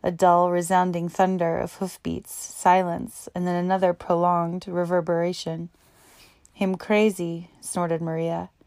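A woman reading a novel aloud as narrator, in a steady, even way. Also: fairly low pitch, measured pace, hardly any pauses, dry recording. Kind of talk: audiobook narration.

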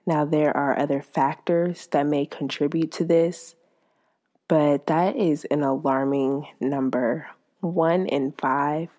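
Low, slow woman talking on her podcast, earnest and heartfelt. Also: fairly even intonation, dark tone. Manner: earnest and heartfelt, speaking slowly. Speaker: podcast host. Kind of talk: personal podcast monologue.

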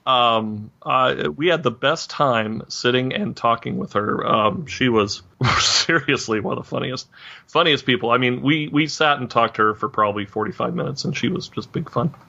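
A man hosting a podcast in loose, animated conversation, rambling and laughing as he goes. His tone is bright and forceful at a mid pitch, and the recording sounds dull and lo-fi. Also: moderate pace, vocal fry. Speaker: podcast host. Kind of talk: casual chat.

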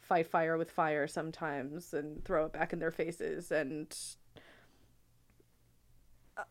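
A young woman co-hosting a casual movie podcast, upbeat and quick to laugh. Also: deep voice, flat delivery. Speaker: podcast co-host. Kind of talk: casual chat.

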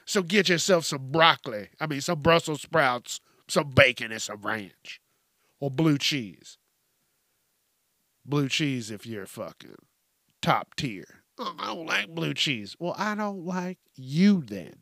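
A man hosting a solo podcast in a casual, profane, animated rant, acting out quotes and jumping between topics. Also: medium pitch, slow, no room sound, clean studio sound. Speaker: podcast host.

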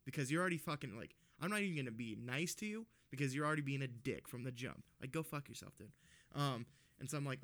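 A man co-hosting a casual podcast, ranting and swearing as he tells a story. He sounds heated and worked up, with an ordinary middle-pitched voice. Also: fairly quick, a bit bright. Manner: profane, ranting storyteller with laughs. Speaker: podcast co-host.

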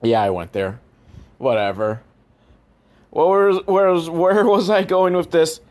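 A man's voice: a little high, a little slow. Male movie reviewer, dry and sarcastic, cursing through a rambling plot recap. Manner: profane, deadpan, rambling with asides.

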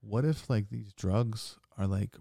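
A young man telling a wild story in casual chat, saying "like" a lot and swearing freely, getting animated. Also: fairly low pitch, slow, vocal fry, no room sound, clean studio sound. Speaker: podcast guest.

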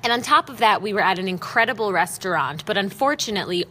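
A woman with a bright, forward voice hosts her own show, telling personal stories in a candid monologue. She is frank and self-deprecating and swears casually. She acts out what she and others said along the way. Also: mid-range voice, quick pace, a little hiss or hum. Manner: expressive storytelling with acted-out quotes. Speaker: podcast host.

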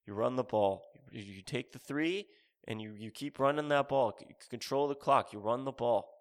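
A man doing a brief impression of a gruff older football coach-commentator who gives blunt, repeated play advice. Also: mid-range voice, moderate pace, close to an everyday voice. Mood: insistent. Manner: blunt, repetitive instructions.

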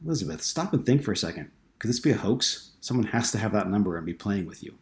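A man's voice: lowish voice, expressive, quick pace, reverberant, lightly acted. Man voicing a tired, skeptical office man. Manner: questioning, skeptical. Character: skeptical male ad writer, tired and wary. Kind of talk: audiobook reading.

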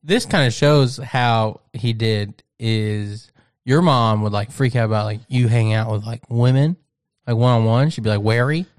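A man's voice: medium pitch, moderate pace, clean tone, no echo, studio quality. A young man in casual chat, teasing and acting out quotes. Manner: laughing, teasing, acts out quotes.

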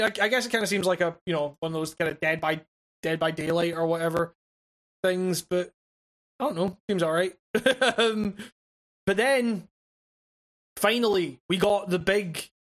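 A podcast co-host in casual gaming chat, talking hesitantly with stammering restarts and casual swearing. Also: medium pitch.

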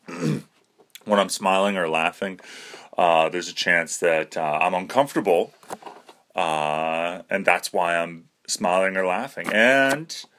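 A man's voice: sits low, fairly bright tone. Rambling self-mocking man, nervous laughs. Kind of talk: rambling monologue.

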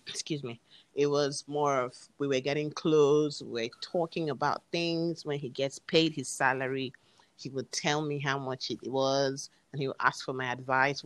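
A woman's voice: low voice, no echo. A woman, earnestly retelling a personal story and acting out the dialogue. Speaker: guest telling her story.

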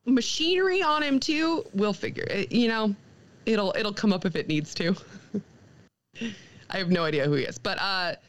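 A young woman co-hosting a podcast, recapping a comic in a casual, animated way, quoting the characters and laughing often. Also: mid-range voice, normal speed, long pauses, low-quality recording. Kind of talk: casual chat.

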